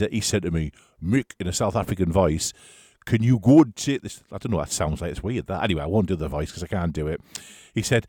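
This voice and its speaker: Man, low-pitched, casual chatty anecdote teller, dry recording. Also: a little mellow, dry recording. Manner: chatty, chuckling, rambling storyteller.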